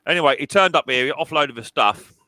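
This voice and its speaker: Brief: middle-aged man, bright and dry-sounding, chatty, stumbles and repeats words, jokey. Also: a little high, a little fast, dry recording. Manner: stammering restarts, joking, teasing. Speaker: mower repairer. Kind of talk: casual chat.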